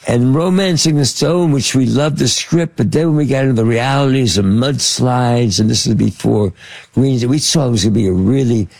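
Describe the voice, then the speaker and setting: A man's voice: medium pitch, normal speed, creaky, darkish tone, no echo. A man telling rambling anecdotes as an interview guest, full of fillers and restarts. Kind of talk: anecdotal storytelling.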